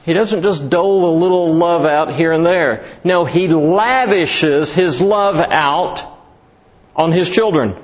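A man preaching a sermon as pastor, slow and emphatic, lifting his voice on key words. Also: a little high, dull audio.

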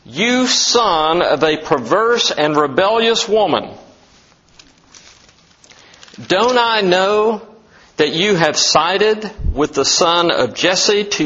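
A man's voice: high voice, bright, forceful tone, highs cut off, pitched above the performer's own voice, heavily acted. A man reading as a stern, angry king. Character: angry king scolding his grown son.

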